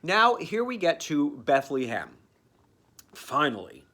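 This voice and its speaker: A man giving a campy, sarcastic comedic recap of a cartoon, dropping into quick character voices. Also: fairly high pitch, big pitch swings, pushed and bright. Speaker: comedic reviewer.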